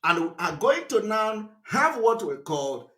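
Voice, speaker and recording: A man's voice: very animated, unhurried, a bit bright. A man giving a live political broadcast, emphatic and repetitive, firing rhetorical questions at his listeners. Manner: fillers and restarts, pitch swings up and down.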